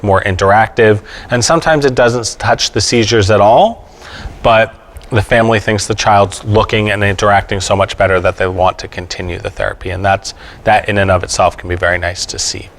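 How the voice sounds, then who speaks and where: A man with a somewhat low voice explains medical treatments on an expert panel. He talks plainly and patiently, with frequent fillers and quick check-ins with his listeners. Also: fairly even intonation. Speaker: epileptologist speaking on an expert panel. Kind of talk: explanatory panel talk to families. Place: event panel before an audience.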